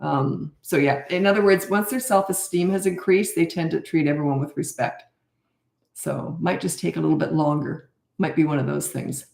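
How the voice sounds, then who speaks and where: A woman in her sixties with a gravelly, creaky edge to her voice answers parenting questions in a candid, self-deprecating chat. Her voice rings in a roomy, echoey space. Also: sits low, steady tone, normal speed, darkish tone. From Canada. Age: 60s. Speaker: parenting coach. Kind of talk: live Q&A chat.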